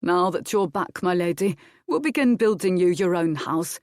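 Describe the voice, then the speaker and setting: A woman voices a loyal male steward who worries for his lady, earnest and anxious. The voice is low for a woman, and the reading is dry and close. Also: animated, moderate pace, darkish tone, dry recording, lightly acted. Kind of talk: audiobook character reading.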